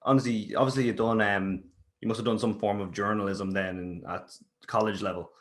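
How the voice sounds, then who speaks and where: A man's voice: lowish voice, fairly even intonation, fairly quick. An Irish man hosting a podcast in casual chat, easygoing and joking with his guest. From Ireland. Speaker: podcast host.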